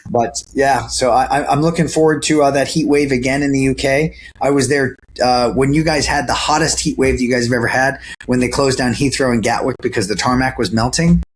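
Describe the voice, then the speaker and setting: A man's voice: medium pitch, steady tone, brisk, few pauses, slight background noise. A man being interviewed as a guest actor, talking earnestly in casual chat with lots of fillers and restarts over a video call from home. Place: home, sitting near a camera.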